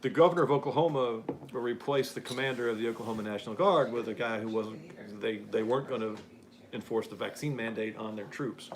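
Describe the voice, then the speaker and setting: A man's voice: medium pitch, a little fast. An American man hosting a casual live-stream chat, reading viewer comments aloud and laughing often. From United States. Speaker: podcast host.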